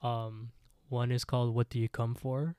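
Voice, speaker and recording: A man's voice: mid-range voice, little pitch movement, normal speed, warm tone, clear, resonant tone, no echo, clean studio sound. A man co-hosting a podcast, retelling a scary story in casual chat with lots of fillers. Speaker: podcast co-host.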